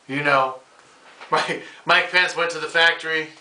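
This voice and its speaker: Unhurried and on the high side, with fairly even intonation and a pushed, bright tone, a US male comedy host rambles through a casual monologue. He rants in slang, calling the listener "bro." Slight background noise accompanies the echoey room and distant mic.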